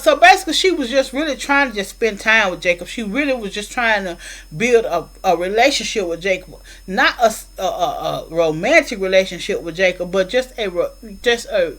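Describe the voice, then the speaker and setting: A woman's voice: mid-range voice, a bit bright, low-quality recording. A woman casually retelling a movie plot, rambling with many fillers and acted-out quotes, with features. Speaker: film reviewer.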